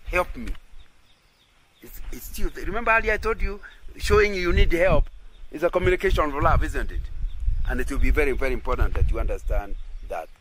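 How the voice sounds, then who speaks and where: A man's voice: fairly high pitch, fast talker, fairly bright tone, slight background noise, low-quality recording. A man teaching in a sermon style who keeps checking that listeners agree and often repeats and restarts his phrases. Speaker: Christian teacher.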